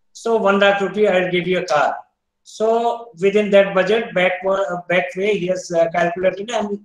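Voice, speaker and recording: A man with an Indian English accent giving an online university lecture, explaining step by step, quizzing students, often pausing with "uh". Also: sits high, roomy sound, low-quality recording. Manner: explains step by step, asks students questions, frequent "uh" fillers.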